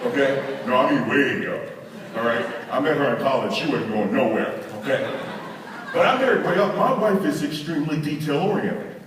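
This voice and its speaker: Animated man telling stories in an echoey hall. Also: mid-range voice, normal speed, crowd noise. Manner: animated, addresses audience with asides. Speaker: conference speaker. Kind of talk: humorous storytelling to a live audience. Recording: echoey hall, miked from a distance.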